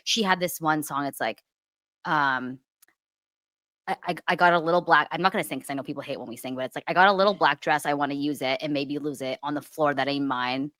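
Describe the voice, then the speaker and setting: A young woman with a low-pitched voice co-hosts a gossip podcast, animated and quick to swear. Her voice is recorded close and dry, with no room sound. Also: no room sound. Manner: animated, swears freely, breaks into laughs. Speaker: podcast co-host. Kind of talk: casual gossip chat.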